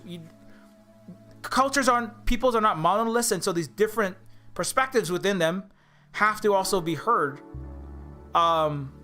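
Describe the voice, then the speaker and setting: An indie game developer from Hawaii speaks in a high, pushed, bright voice. His video commentary is earnest and rambling, he often restarts mid-thought, and he reads quotes aloud along the way.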